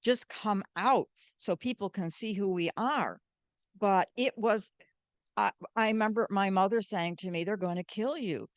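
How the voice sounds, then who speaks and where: An older American woman, a guest, telling animated stories and acting out the voices in them. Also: mid-range voice, measured pace, no room sound. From United States. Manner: animated, acts out quoted voices. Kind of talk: storytelling interview.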